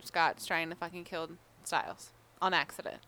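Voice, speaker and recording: A woman co-hosting a podcast, chatting excitedly and swearing often while recapping a TV episode. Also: lowish voice, moderate pace, a little hiss or hum. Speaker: podcast co-host. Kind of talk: casual chat recapping a TV episode.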